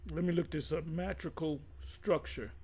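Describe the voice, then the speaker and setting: A man with a fairly high voice teaches scripture in a loose, off-the-cuff way, stopping to read dictionary definitions aloud. He trips over his words and restarts often, then presses harder and louder to drive a point home. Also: steady tone, normal speed, breathy edge. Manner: frequent restarts, addresses listeners directly. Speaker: religious teacher.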